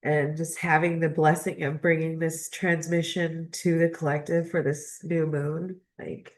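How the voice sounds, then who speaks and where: A woman's voice: sits low, flat delivery, unhurried. Emotional woman reading a spiritual text. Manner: emotional, choked up and laughing between passages. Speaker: spiritual astrology channel host.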